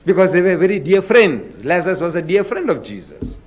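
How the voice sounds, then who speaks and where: Male debater, higher register, emphatic and theatrical, muffled lo-fi tape. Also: very animated, fairly quick. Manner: emphatic, rhetorical questions to the audience; dramatic, acts out scripture quotes. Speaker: speaker in a religious debate. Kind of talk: public debate lecture.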